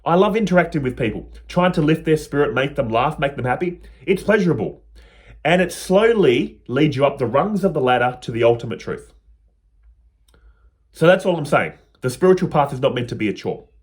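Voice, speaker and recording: Man, slightly high voice, earnest, plain-spoken, explaining spiritual teachings. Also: lively intonation, a little fast.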